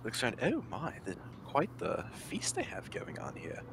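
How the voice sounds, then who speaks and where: A man's voice: mid-range voice, huge pitch swings, normal speed, creaky, noisy background. A man playing a tabletop game, speaking in character in a polite, proper manner. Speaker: player. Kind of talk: casual play at a tabletop game.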